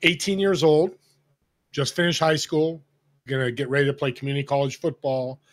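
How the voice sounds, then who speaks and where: A man in his sixties from Northern California, a podcast guest telling a story in an animated way and acting out the people he quotes. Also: on the high side, normal speed. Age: 60s. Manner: animated, acts out quoted dialogue. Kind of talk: casual storytelling.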